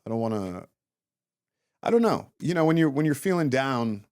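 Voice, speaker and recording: A man in his thirties, a former fighter turned comedian, chatting as a guest and telling animated stories full of swearing and acted-out quotes. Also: mid-range voice, moderate pace, no echo, clean studio sound. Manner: animated storytelling, acts out quotes, swears often. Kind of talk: casual interview chat.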